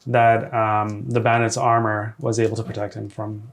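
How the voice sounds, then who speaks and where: A man's voice: fairly low pitch, normal speed. Man, dungeon master, casual tabletop narration, hesitant, easygoing. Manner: relaxed, hesitant with many "uh"s, laughs often. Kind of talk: running a tabletop game, casual.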